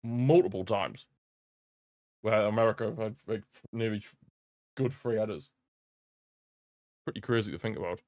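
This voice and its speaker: A man's voice: on the low side, steady tone, moderate pace, pauses often, darkish tone, dry recording, studio quality. A young man hosting a live football watch-along stream, chatting casually and commenting on the match with frequent laughter and repeated jokey rants. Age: young adult. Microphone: streaming desk mic.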